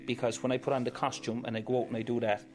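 A man's voice: medium pitch, level tone, very fast, darkish tone, faint music behind. A middle-aged man from County Kerry with an Irish accent, a tribute performer for a famous singer telling anecdotes and acting out what people said. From Ireland. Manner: chatty, anecdotal, fond of quoting voices. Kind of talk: storytelling interview.

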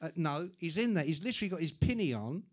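A man's voice: on the high side, fast talker. A man, hosting a live podcast and telling an anecdote with lots of swearing and acted-out voices. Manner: animated storyteller, swears freely, acts out voices. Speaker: podcast host.

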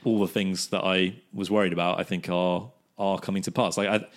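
A man with a fairly low voice chats wryly on a casual sports podcast. He laughs easily and pads his thoughts with ums. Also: fairly even intonation, a little fast. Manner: chatty, wry, laughs often, thinks aloud with fillers. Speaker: podcast co-host. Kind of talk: casual cricket podcast chat.

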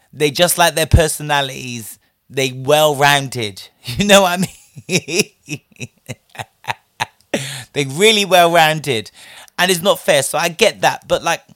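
A host answers a listener's story with chatty, sassy casual commentary, using "like" constantly and laughing often. His voice is medium-pitched with a fairly bright tone, in a dry, studio-quality recording.

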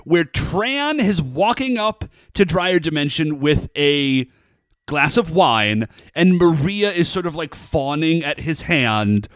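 A man with a high voice that leaps all over, chatting through a TV episode recap in a loose, filler-heavy way. His voice sounds dry and close, with no room around it. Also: expressive, takes it slowly, fairly bright tone, no room sound. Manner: chatty, lots of "like" and "uh".

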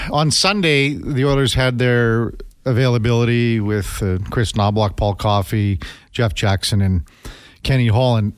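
A man's voice: mid-range voice, dry recording, clean studio sound. A man hosting a casual morning radio show, rambling and chatty with lots of fillers.

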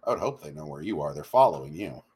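A man's voice: very deep voice, lively intonation, fast talker, a little mellow, breathy edge. A man co-hosting a podcast in loose, rambling casual chat, often repeating words as he restarts. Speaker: podcast co-host.

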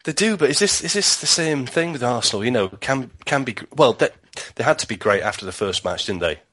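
A man on a football podcast panel, talking in halting bursts with frequent restarts. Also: mid-range voice, lively intonation, a bit bright. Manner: halting, restarts words often. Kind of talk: casual football podcast chat.

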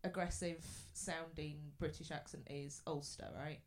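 A woman's voice: low voice, fairly even intonation, measured pace, crowd noise. A woman chatting and telling anecdotes as a regular player on a live comedy panel show. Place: live stage venue.

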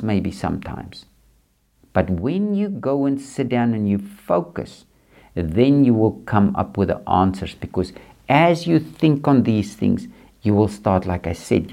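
A man's voice: mid-range voice, vocal fry, mellow. A man hosting a podcast, speaking earnestly and repetitively in a reflective, faith-based monologue aimed straight at the listener. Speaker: podcast host.

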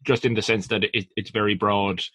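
A man co-hosting a casual film podcast, making measured supporting remarks. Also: fairly low pitch, level tone, a bit bright, dry recording. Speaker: podcast co-host. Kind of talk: casual chat.

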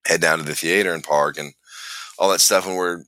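A man's voice: deep voice, steady tone, fairly quick, bright, forceful tone, no room sound. A middle-aged man telling a long personal story in casual conversation, rambling and acting out what people said, with lots of fillers. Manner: rambling, re-enacts dialogue with fillers. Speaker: guest storyteller.

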